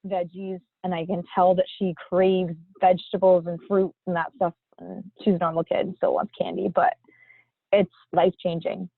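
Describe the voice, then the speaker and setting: A woman's voice: lowish voice, creaky, dry recording. A woman in her thirties sharing a personal story in casual chat, chatty and emotional, filling her talk with "like". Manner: chatty, emotional, says "like" a lot. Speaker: testimonial guest. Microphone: video call. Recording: dry, phone-like line.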